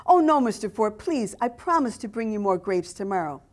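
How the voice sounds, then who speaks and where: A woman's voice: medium pitch, sing-song, brisk, natural voice. A woman voicing an Italian immigrant man who sells produce, speaking with an Italian accent in an eager, begging way. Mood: pleading.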